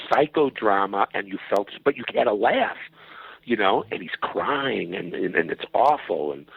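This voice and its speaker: A man telling an anecdote as a podcast guest, animated and profane and acting out voices. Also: medium pitch, creaky, slightly rough, dry recording. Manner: animated, profane storyteller who acts out voices. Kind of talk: storytelling anecdote. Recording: dull, dry lo-fi.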